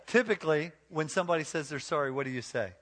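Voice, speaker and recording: A man's voice: on the high side, quick pace, fairly bright tone. A man speaking at a marriage retreat, preaching emphatically and coaching volunteers through role-play. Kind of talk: sermon-like teaching with live role-play.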